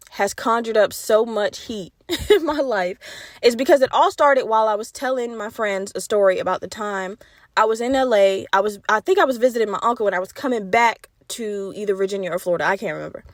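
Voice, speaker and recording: A woman's voice: on the high side, dry recording, clean studio sound. A young woman hosting her own podcast, chatting casually and animatedly, swearing and laughing, with a slight stutter. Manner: animated, swearing, laughing, talks straight to listeners. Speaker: podcast host. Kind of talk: casual solo podcast chat.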